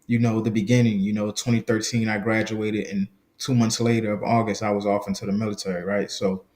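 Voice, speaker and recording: A man's voice: on the low side, flat delivery, a little fast, a little mellow. A man in his twenties from a small Southern country town, reflecting as an interview guest with many fillers. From small country town in the Gullah Geechee region, US South. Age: 20s. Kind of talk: casual interview conversation.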